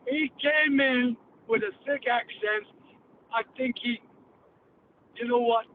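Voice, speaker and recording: Over a tinny phone line with faint noise, an older Englishman calls into a show and rants bluntly and profanely. His voice is very high-pitched and his pace slow, the whole thing a heated call-in tirade.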